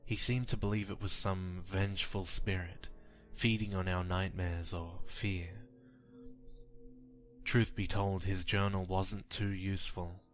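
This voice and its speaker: Man slowly narrating a creepy horror story, grim and measured, low voice. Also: little pitch movement. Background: faint music.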